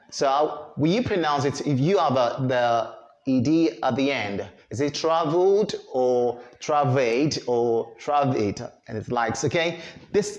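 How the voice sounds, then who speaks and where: Slow, repetitive male pronunciation teacher. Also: mid-range voice. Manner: slow, repeats sounds and words for learners to echo; frequent fillers and self-corrections. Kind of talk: pronunciation lesson.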